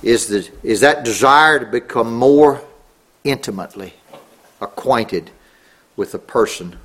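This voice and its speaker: A middle-aged man preaching a sermon, earnest, rising on key words and dropping low. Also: a little slow, a bit bright.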